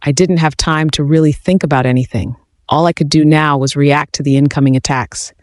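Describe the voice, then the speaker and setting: Guy reading a story out loud, kinda high voice, steady, dry close mic. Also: a little fast, no echo. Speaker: narrator. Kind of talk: scripted first-person story narration.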